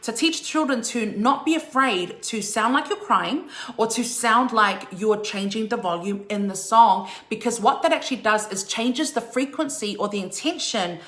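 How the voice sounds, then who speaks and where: A woman's voice: a little high, moderate pace, fairly bright tone, reverberant. A woman giving a live online singing lesson in an upbeat way, often checking in with her listeners. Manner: upbeat, checks in with "okay?" and "right?". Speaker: singing teacher.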